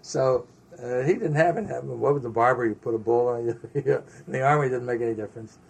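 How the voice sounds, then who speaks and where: An older man recalling his army days in an oral history interview, an animated storyteller who sprinkles in Yiddish words. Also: medium pitch, fairly quick, gravelly, slightly rough.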